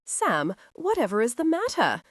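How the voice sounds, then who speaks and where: A woman voicing a frightened but defiant young gentlewoman who pleads in a high, strained voice. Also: huge pitch swings, normal speed, no echo, clean studio sound. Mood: frightened pleading.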